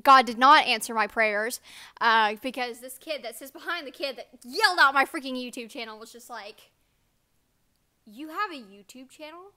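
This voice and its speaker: A teenage girl telling a rambling, animated story to camera in a storytime vlog. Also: high voice, moderate pace, clear, resonant tone, dry recording, clean studio sound. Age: teens. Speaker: vlogger. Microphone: own microphone.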